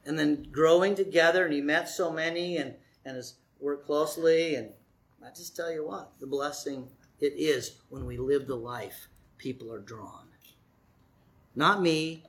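A man's voice: a little high, measured pace, a bit bright. A man preaching a sermon to his congregation in a folksy, repetitive cadence, then leading a prayer.

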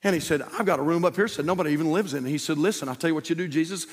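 A male pastor preaching a sermon in a church, telling a story that swings from loud, shouted peaks to hushed, quiet lines. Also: fairly high pitch, rapid-fire. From United States. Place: church sanctuary. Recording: long church reverb.

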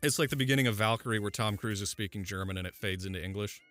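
A man hosting a casual history podcast, chatty and quick to laugh, with plenty of fillers. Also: lowish voice, a bit bright, soft background music. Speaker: podcast host.

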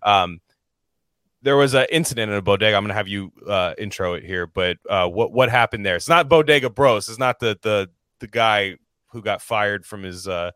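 A podcast host with a fairly low, smooth voice and fairly bright tone speaks at normal speed. The dry, studio-quality recording captures his casual chat, rambling with many restarts and fillers.

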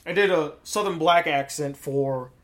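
A young man chatting casually as a podcast guest, animated and quick to slip into voice impressions. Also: fairly high pitch. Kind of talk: casual chat.

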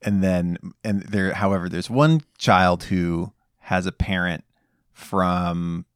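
A man's voice: low voice, takes it slowly, smooth, dry recording, studio quality. A man co-hosting a podcast in casual chat, making joking, wry asides. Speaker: podcast co-host.

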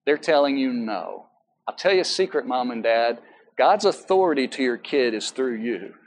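A man's voice: medium pitch, expressive, moderate pace, rough recording. Conversational man preaching a sermon. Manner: conversational, full of asides and self-corrections. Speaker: pastor. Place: church sanctuary.

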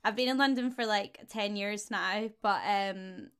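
A woman's voice: mid-range voice, unhurried, fairly bright tone, clean tone. A woman in her thirties with a Glaswegian Scottish accent, chatting casually as a podcast guest, laughing often and full of fillers. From Glasgow, Scotland. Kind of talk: casual chat.

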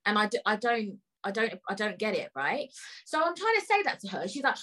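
A woman's voice: mid-range voice, very animated, a little fast, fairly bright tone, low-quality recording. A woman hosting a podcast, telling a story in an indignant, emphatic way, swearing freely and talking straight to her listeners. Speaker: podcast host. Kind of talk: casual storytelling rant.

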